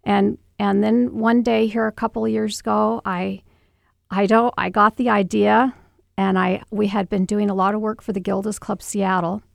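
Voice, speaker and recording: A middle-aged mother in an interview, recounting a painful memory in a halting, emotional way with many restarts. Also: mid-range voice, flat delivery, gravelly, no echo. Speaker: guest, mother. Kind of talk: personal storytelling interview.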